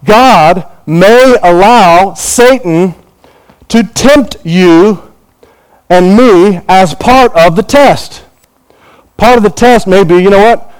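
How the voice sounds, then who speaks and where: A middle-aged man, a pastor, preaching a sermon in a church with animated delivery, acting out quoted figures. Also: slow pace, clean tone, rough recording. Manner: animated preaching, voices quoted figures, lively rises in pitch. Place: church in Hong Kong.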